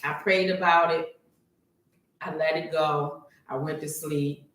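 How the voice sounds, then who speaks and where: Animated woman telling a story in an echoey room. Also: takes it slowly. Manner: animated storytelling, voice jumps high when quoting her own panic. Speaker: podcast co-host. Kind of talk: casual chat. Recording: roomy echo, far from the mic.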